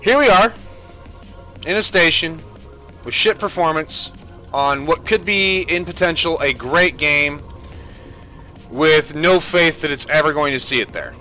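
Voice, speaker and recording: A man's voice: fairly high pitch, measured pace, sharp tone, faint music behind. A man giving gameplay commentary as a streamer, ranting in exasperation and swearing freely. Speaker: gaming streamer.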